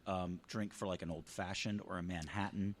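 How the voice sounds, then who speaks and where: A man's voice: low-pitched, moderate pace. A man co-hosting a casual podcast, talking at length and filling gaps with um. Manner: chatty, lively, fillers like um. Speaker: podcast co-host. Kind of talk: casual chat.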